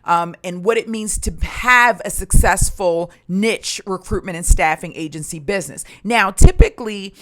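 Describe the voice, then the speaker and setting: Woman from Maryland, business coach, motivational tutorial, mid-range pitch, upbeat, frequent ums. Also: normal speed, few pauses, fairly bright tone. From Maryland, USA. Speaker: recruitment and staffing coach.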